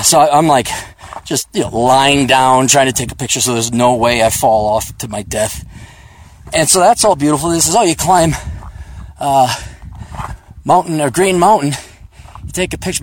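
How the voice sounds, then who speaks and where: A man's voice: mid-range voice, a little hiss or hum. A man hosting a podcast, rambling in a profane, sarcastic, joking way while out on a hiking trail, recorded on a phone. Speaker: podcast host. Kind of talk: casual rambling monologue.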